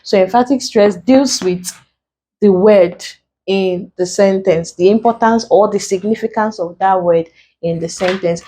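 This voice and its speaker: A woman teaching an English exam tutorial, explaining patiently, repeating key points and slowing down to dictate notes. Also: medium pitch, mellow, a little hiss or hum, rough recording.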